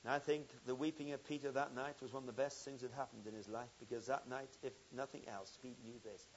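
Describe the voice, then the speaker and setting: A man preaching a sermon, telling a story with swings from loud emphasis to quiet intensity. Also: mid-range voice, fairly even intonation, fairly quick, few pauses, muffled recording, a little hiss or hum.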